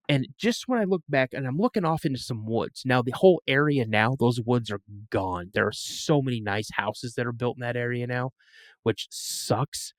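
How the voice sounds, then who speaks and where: A man as a podcast guest, telling a story in a casual, animated way and acting out the voices of the people he quotes. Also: mid-range voice, no room sound.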